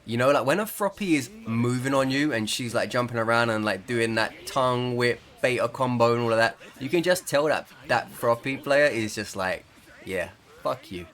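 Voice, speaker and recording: A man's voice: mid-range voice, moderate pace, few pauses, fairly bright tone. A man casually commenting on his own gameplay, joking, swearing and laughing, acting out other players' lines. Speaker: gaming streamer.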